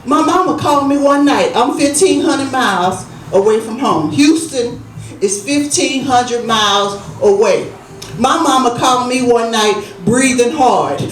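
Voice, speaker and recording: A woman doing stand-up comedy, telling family stories in an animated way and acting out her relatives' voices. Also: on the high side, measured pace, a little hiss or hum. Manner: animated, acts out family voices, Southern Black vernacular. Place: small comedy club stage. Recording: echoey room, distant, faint music.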